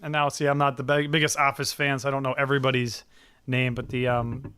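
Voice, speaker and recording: A man co-hosting a casual podcast chat, laughing often and retelling TV scenes with quick quoted voices, swearing now and then. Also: medium pitch, little pitch movement, pushed and bright, smooth, no room sound. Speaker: podcast co-host.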